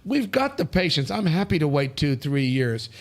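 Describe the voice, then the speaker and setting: A man's voice: on the high side, sing-song, moderate pace. A man from India hosting a live talk show, blunt and joking, swearing now and then as he reads out viewer comments. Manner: blunt, brash, swears and jokes while reading comments. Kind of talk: casual live show chat. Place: studio.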